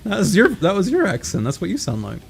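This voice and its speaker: A man's voice: sits high, huge pitch swings, fast talker, gravelly. An American man streaming a coop game, casually chatting and teasing his friend. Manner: teasing, joking. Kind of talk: casual chat while gaming.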